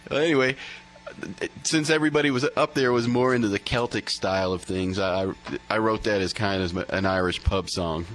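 A man's voice: fairly low pitch, brisk, a bit bright, a little hiss or hum, low-quality recording. A man being interviewed as a musician, chatting casually with many fillers and restarts. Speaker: musician guest.

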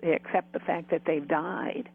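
A man's voice: fairly high pitch, fairly even intonation, normal speed, creaky, breathy edge, phone-quality sound. A man, a guest who works as a spiritual medium, telling rambling stories in an interview with frequent restarts. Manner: rambling, restarts often, laughs while telling. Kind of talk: storytelling interview.

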